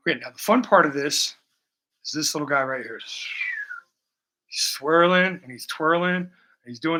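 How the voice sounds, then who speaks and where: A man's voice: on the high side, sharp tone, rough recording. A man livestreaming a painting session, chatting casually with a joking, profane, rambling manner and breaking into snatches of song, heard through a laptop mic. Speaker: live-streaming painter.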